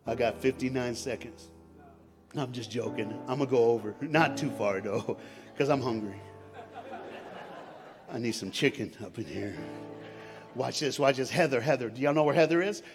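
A man from Tennessee preaching a sermon as a guest speaker, telling stories and swinging between shouts and hushed tones. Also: medium pitch, normal speed, pauses often. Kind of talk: sermon storytelling. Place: large church hall. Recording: long hall reverb, music behind.

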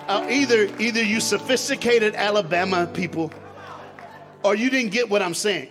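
A man from Tennessee preaching a sermon as a guest speaker, telling stories and swinging between shouts and hushed tones. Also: high voice, brisk. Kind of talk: sermon storytelling. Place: large church hall. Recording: long hall reverb, music behind.

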